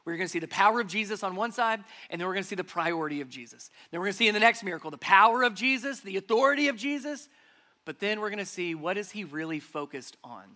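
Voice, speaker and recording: A man delivers a church sermon in a high, bright, forceful voice. He stresses his points by repeating key phrases and building them up. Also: lively intonation, fast talker. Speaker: pastor.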